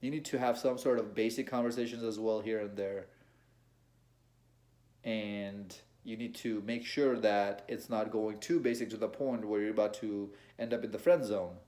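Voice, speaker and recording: A man's voice: fairly low pitch, steady tone, moderate pace, warm tone. A young man talking to camera in a casual advice monologue. He speaks conversationally, often restarting and repeating phrases, and calls the viewer bro. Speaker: dating advice vlogger.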